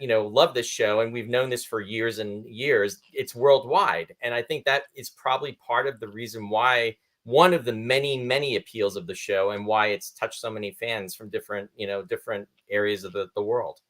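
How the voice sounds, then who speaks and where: A man's voice: mid-range voice, normal speed, hardly any pauses, fairly bright tone. A male host with a mid-range voice speaks earnestly in an interview. He builds his points in a thoughtful, reflective way. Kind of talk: interview chat.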